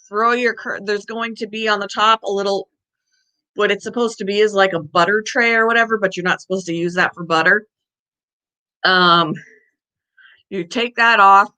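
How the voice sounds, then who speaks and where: Bright, breathless woman chatting with viewers. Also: rough recording. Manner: chatty, baby-talks her pets in a high voice. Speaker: pet channel host. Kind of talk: casual live-stream chat.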